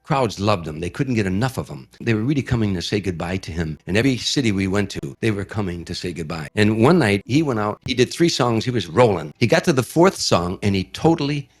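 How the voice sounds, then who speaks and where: Low-voiced man telling a story. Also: animated, a little fast, few pauses. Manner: vivid storyteller, acts out quotes. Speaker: comedian recalling a friend. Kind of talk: interview storytelling.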